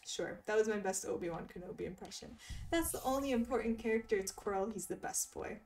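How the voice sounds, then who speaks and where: Streaming a video game, a woman chats casually with her viewers, giggling and reacting to chat. Her medium-pitched, darkish voice moves a little fast and sits a bit off-mic over game music, with slight background noise.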